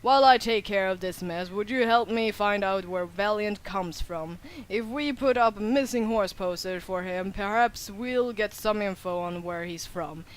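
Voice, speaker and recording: A woman's voice: mid-range voice, normal speed, few pauses, natural voice. A woman reading game dialogue aloud, voicing a remorseful young man who blames himself for a lost horse. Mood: regretful. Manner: sheepish, self-blaming.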